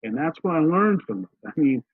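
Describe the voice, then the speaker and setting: A middle-aged financial consultant from Philadelphia, telling stories emphatically in a casual interview. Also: male voice, on the high side, very animated, a little fast, slightly rough, no room sound. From Philadelphia, USA. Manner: emphatic, storytelling, acts out quoted dialogue. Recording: dry, tinny phone-like line.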